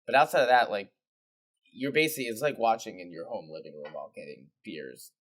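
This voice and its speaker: A man co-hosting a podcast, telling a relaxed story about a trip with many fillers. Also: lowish voice, a little fast. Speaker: podcast co-host. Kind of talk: casual chat.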